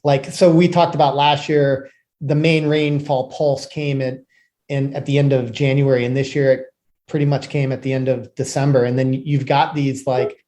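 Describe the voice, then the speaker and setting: A man co-hosting a podcast, talking in a relaxed, chatty way full of "like" fillers. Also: medium pitch, normal speed. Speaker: podcast co-host. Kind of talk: casual conversational hosting.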